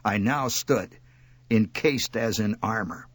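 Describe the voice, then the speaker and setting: A man reading a story aloud, wry and expressive. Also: lowish voice, slow pace, no room sound. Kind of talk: scripted narration.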